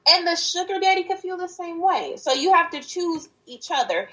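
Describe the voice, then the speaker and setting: A woman co-hosting a casual talk show, explaining her points in a measured way. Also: extremely high pitch, sing-song, pushed and bright, rough recording. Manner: measured, explains things, a churchgoer. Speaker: co-host. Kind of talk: casual chat.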